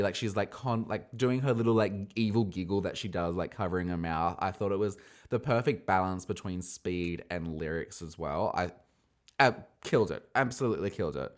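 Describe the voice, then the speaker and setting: A man's voice: low voice, normal speed. Chatty man reviewing with gossipy energy. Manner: gossipy, animated, jumps into loud squeals when excited. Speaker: podcast host reviewing a drag competition. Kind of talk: casual review chat.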